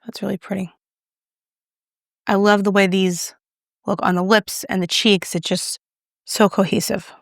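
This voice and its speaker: A woman's voice: mid-range voice, little pitch movement, unhurried, vocal fry, long pauses, dry recording, clean studio sound. A young woman casually reviewing makeup, chatty and self-deprecating as she applies it on camera. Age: young adult. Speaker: beauty YouTuber.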